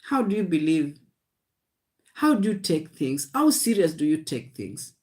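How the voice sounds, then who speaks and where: Slow, emphatic woman preaching on a livestream. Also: low voice, sing-song, a little mellow. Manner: emphatic, repetitive exhortation, often calling listeners "guys"; speaks in short declarations of faith. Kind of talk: livestream sermon.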